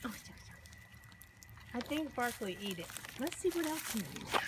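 A woman's voice: very animated, moderate pace, long pauses, heavy background noise. A woman talking to her dogs at home in a coaxing, sing-song way while she unwraps a box. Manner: high sing-song coaxing pet talk. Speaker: dog owner filming her pets. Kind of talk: casual talk to her dogs while unboxing. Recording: loud paper crinkling behind voice.

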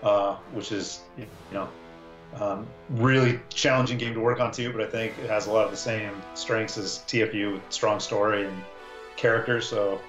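Male remote guest, lowish calm voice, echoey lo-fi call line. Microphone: video call. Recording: dull echoey call audio.

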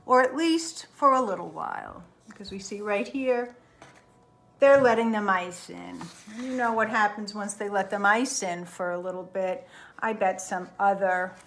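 A woman librarian reading a picture book aloud to children, expressive and chatty, often checking in with "right?". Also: mid-range voice. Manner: lively, expressive storytelling with frequent "right?".

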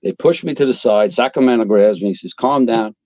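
An older New man with a low voice tells stories in a blunt, salty way. He sounds mellow and dry, close to the mic. The recording is dull and lo-fi. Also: fast talker, dry recording. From Queens, New York. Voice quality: blunt, profane, animated storyteller. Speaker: retired fire captain, guest. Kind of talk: casual storytelling interview.

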